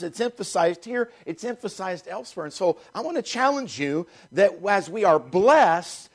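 Man, high voice, pastor preaching, emphatic, repeats key phrases. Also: creaky. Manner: slows down to stress scripture. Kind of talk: sermon.

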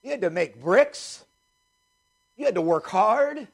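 A man's voice: high voice, expressive, measured pace, gravelly. A middle-aged male pastor preaching a sermon emphatically, throwing rhetorical questions at his congregation.

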